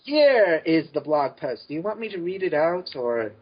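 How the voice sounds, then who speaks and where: Husky, lively man on a lo-fi call. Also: on the high side, normal speed. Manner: playful, goes off on tangents. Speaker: podcast guest, fan fiction author. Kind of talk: casual podcast chat. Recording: dull lo-fi audio.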